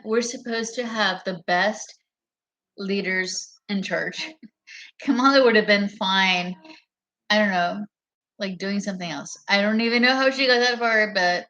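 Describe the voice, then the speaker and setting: A woman's voice: medium pitch, fairly bright tone, muffled recording. A woman vlogger talking to her camera in a meandering, profane monologue that often loses its thread. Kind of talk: rambling casual monologue to camera. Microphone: camera mic.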